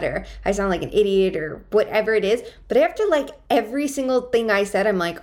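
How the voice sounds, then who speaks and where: Podcast co-host, woman, opinionated and animated, mid pitch. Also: fast, hardly any pauses. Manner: opinionated, animated, swears freely. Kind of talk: casual podcast chat.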